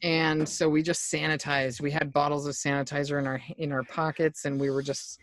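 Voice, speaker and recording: A man with a slightly high voice chats loosely on a podcast, wandering from story to story and laughing as he goes. The sound is dry and close, with no room to it. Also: flat delivery, brisk, fairly bright tone, dry recording. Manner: rambling, chatty, laughs often. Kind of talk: casual chat.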